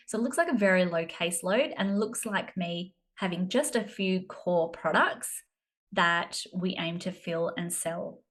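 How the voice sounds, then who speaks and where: A woman in her thirties with an Australian accent, hosting a solo business podcast in a chatty, self-deprecating way. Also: on the low side. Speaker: podcast host, business coach. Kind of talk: casual solo podcast talk.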